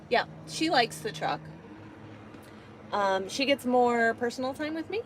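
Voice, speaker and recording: A woman's voice: fairly high pitch, animated, normal speed, noisy background. A woman truck driver chatting casually on a live stream from her truck cab, rambling with lots of ums.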